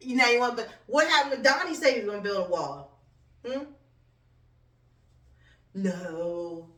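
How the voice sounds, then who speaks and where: A woman's voice: quick pace, far from the mic. A woman hosts her own live show in a blunt, profane comedic rant. She swings her voice up and down as she fires off complaints. She sits some way back from the mic, and the room gives her voice a roomy echo. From United States. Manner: blunt, swearing, animated swings in pitch. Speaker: host.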